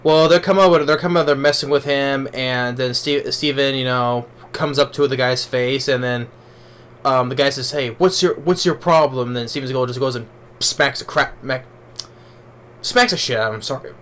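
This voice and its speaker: A man's voice: medium pitch, steady tone, moderate pace, a bit bright, a little hiss or hum. A man giving a casual spoken movie review, rambling along with many restarts and fillers.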